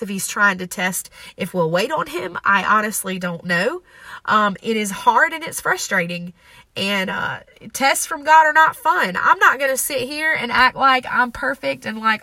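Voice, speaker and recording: A young woman talks openly about her faith on her own podcast. Her voice is bright and a little gravelly with some vocal fry, and she speaks in an earnest, emotional, confessional way. The recording is dry and close. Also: medium pitch, dry recording. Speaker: podcast host. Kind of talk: personal faith podcast talk.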